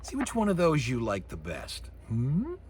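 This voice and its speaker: A man's voice: mid-range voice, unhurried, slightly rough. A middle-aged man teaching a college lecture on sound, joking and acting out sound effects as he goes. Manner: animated, jokey, acts out sounds and voices. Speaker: college communications professor. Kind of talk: recorded lecture.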